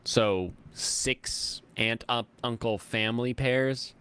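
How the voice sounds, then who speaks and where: A man hosting a casual livestream, chatting and reading viewer comments in a rambling, animated way, laughing often and jumping up high when excited. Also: slow, smooth. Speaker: streamer host reading chat.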